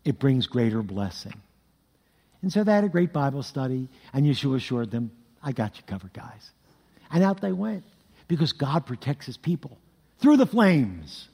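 A man preaching a sermon, telling scripture stories in an animated way with vocal sound effects. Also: mid-range voice, moderate pace, creaky, husky. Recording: long hall reverb.

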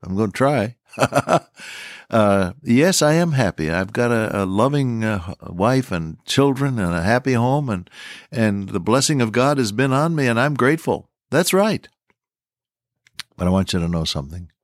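A man's voice: mid-range voice, lively intonation, a little slow, no room sound, studio quality. An older man teaching the Bible on the radio, folksy and earnest, repeating his key lines. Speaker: radio preacher.

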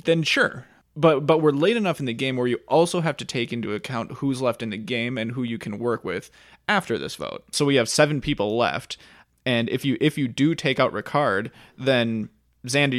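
A man's voice: mid-range voice, fairly bright tone, dry recording, clean studio sound. A man co-hosting a podcast, chatting casually about a reality competition, with stammering restarts and easy laughs. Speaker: podcast co-host. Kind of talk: casual reality-show discussion.

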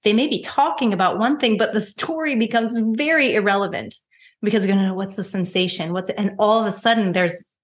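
A woman who is a homeopath and therapist, a guest on a podcast, explaining her ideas in a measured, thoughtful way. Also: mid-range voice. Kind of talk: casual podcast conversation.

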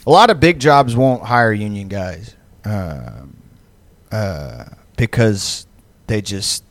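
A man's voice: on the low side, expressive, slow. A man co-hosting a podcast in casual chat, rambling and profane with lots of fillers, laughing often. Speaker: podcast co-host.

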